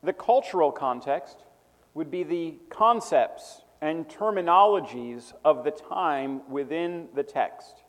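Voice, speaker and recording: Man, teacher, fairly high voice, methodical classroom lecture, repeats definitions, long hall reverb. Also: expressive, a bit bright. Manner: methodical, repeats definitions slowly for note-taking.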